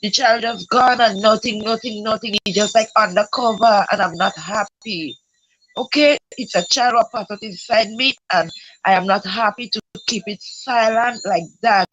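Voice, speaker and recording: A grieving mother speaks in an interview, her voice pitched a little high. She repeats herself and pleads, and at times slips into tears and a raised voice. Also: unhurried, a bit bright, rough recording. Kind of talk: emotional personal testimony.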